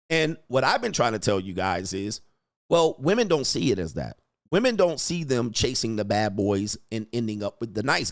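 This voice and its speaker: A man's voice: mid-range voice, dry recording, clean studio sound. A middle-aged man hosting casual commentary, brash and crude, laughing often. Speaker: host. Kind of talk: casual commentary reacting to clips.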